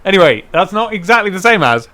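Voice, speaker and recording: Excitable chatty man gaming, lively pitch. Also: fast talker. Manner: chatty, hums and scats tunes, excitable outbursts. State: stuffy from hay fever. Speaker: streamer playing a game. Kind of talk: casual let's play commentary.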